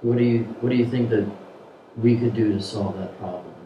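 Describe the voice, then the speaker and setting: A man interviewing casually, halting and restarting his questions. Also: lowish voice, distant mic, background noise. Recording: dull, echoey, from off-mic.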